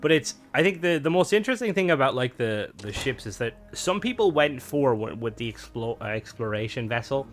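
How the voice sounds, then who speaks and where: A man's voice: medium pitch, very animated, a little fast, few pauses. A man streaming a video game, chatting casually with lots of fillers and restarts. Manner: rambling, filler-heavy, upbeat. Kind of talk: casual gameplay commentary.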